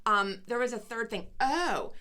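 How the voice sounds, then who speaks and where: Bright-voiced chatty woman. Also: fairly high pitch, animated, a little slow. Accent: New England. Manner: chatty, insists on finishing her point. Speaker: podcast co-host. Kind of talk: casual chat.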